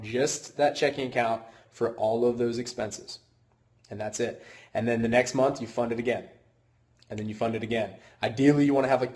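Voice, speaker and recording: A man's voice: medium pitch, darkish tone. A man, a small business owner, giving blunt, conversational finance advice in a casual vlog, with some mild swearing.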